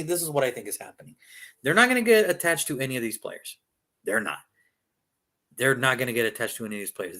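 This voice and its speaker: Guy cohosting a sports show, bright and kinda high, really animated, keeps going "could you imagine". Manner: emphatic and exasperated, rhetorical questions. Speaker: sports podcast co-host. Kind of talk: casual sports talk.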